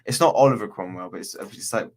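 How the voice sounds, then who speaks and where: Low-voiced chatty man from Bristol. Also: fast, darkish tone. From Bristol, England. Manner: rambling, chatty, slangy with frequent restarts. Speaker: livestream guest. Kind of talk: casual chat.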